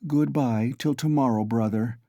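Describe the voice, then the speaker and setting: A man reading an audiobook, voicing a proud, impetuous young woman who is quick to flare. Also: mid-range voice, no echo, studio quality, lightly acted. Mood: earnest. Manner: quick-tempered, then gentle.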